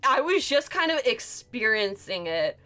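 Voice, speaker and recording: A young woman streaming from her desk, chatting casually while she draws. She tells stories in an animated, rambling way, full of fillers and swearing. Her voice sits a little high for a woman. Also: a little slow. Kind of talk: casual chat while drawing.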